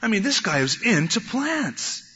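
A man preaching a sermon, animated, acting out the voices of biblical figures as he goes. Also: high voice, a little slow, slightly rough. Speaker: pastor. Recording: dull lo-fi recording in a reverberant hall.

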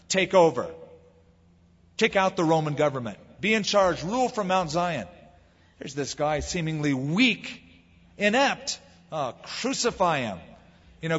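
Preacher, male, breathy and a bit high, dramatic delivery; long hall reverb, muffled lo-fi sound. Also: a bit bright. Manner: dramatic, acts out crowd voices. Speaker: pastor. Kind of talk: sermon.

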